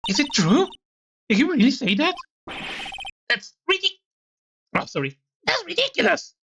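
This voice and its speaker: A woman's voice: very high voice, huge pitch swings, moderate pace, background noise, pitched above the performer's own voice, heavily acted. A woman voicing a flustered elderly male judge, exclaiming in a raised voice. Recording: game music behind.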